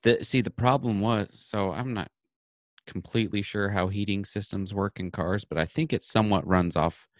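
A man's voice: fairly low pitch, moderate pace, no echo, clean studio sound. A man co-hosting a casual podcast who talks in a laid-back, understated way. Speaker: podcast co-host. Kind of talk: casual chat.

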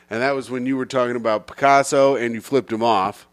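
A man's voice: medium pitch, fairly even intonation, brisk. A man hosting a comedy podcast, crude and joking as he reads listener reviews aloud. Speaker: podcast host. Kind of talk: casual comedic chat.

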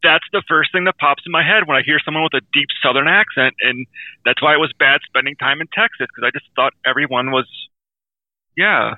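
Fairly quick and slightly high-voiced, this man co-hosts a podcast with blunt, rambling, casual chatter, frequently apologizing for his own remarks and putting himself down. There's no room sound, though the audio comes across tinny, like a phone.

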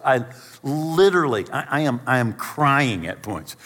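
A man's voice: medium pitch, brisk, big-room sound. A middle-aged male pastor telling a humorous personal story in a sermon, acting out scenes and poking fun at himself. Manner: animated, self-deprecating storyteller acting out scenes.

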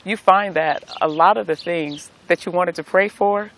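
A man's voice: sits high, normal speed, a bit bright. A middle-aged man giving a devotional talk outdoors, speaking as a pastor with a preacherly cadence and repeated phrases. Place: outdoors in nature.

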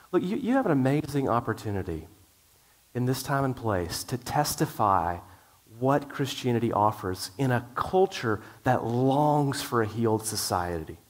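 A man's voice: medium pitch, big pitch swings, unhurried. A middle-aged male pastor preaching a sermon in an earnest way, with frequent restarts.

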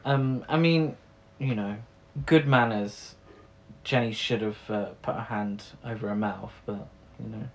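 A woman's voice: extremely low pitch, steady tone, unhurried, creaky. A woman co-hosting a podcast, recapping a bad film in casual chat, sarcastic, swearing and laughing often. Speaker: podcast co-host.

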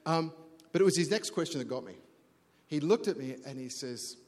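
A man's voice: on the high side, expressive, fairly quick, darkish tone. Male pastor preaching in a hall. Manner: chatty, self-deprecating, restarts words. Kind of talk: sermon with storytelling. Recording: long church hall reverb.

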